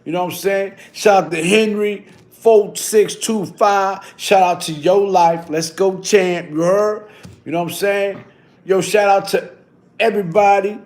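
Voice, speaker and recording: A middle-aged man with a slightly high-pitched voice hosts a casual livestream. He talks in a loose, slangy way and tells rambling stories. He keeps breaking into long rounds of shout-outs. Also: steady tone, a little slow. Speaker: livestream host.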